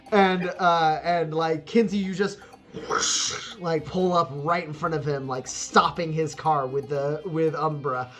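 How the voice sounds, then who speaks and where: Slow, rambling game master narrating. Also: medium pitch, fairly even intonation. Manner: rambling narration full of fillers and laughs.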